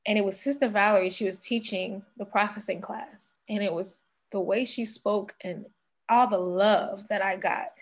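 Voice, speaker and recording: A woman's voice: mid-range voice, fairly even intonation, normal speed. A young woman speaking as a podcast guest, sharing an earnest personal testimony and fighting back tears.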